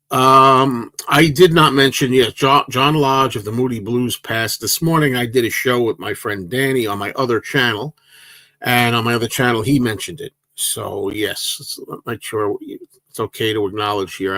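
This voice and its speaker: This livestream host, a man in his sixties, has a mid-range, fairly bright voice recorded without echo. He responds to viewers in a loose, rambling way, hesitating and restarting often.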